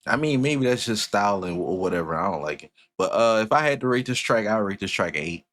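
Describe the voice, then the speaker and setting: A man's voice: fairly low pitch, lively intonation, brisk, a bit bright. A man giving casual reaction commentary on a music album. His voice swings up and down a lot as he talks, and he is blunt and openly annoyed when he dislikes something. He swears casually and talks straight to his viewers.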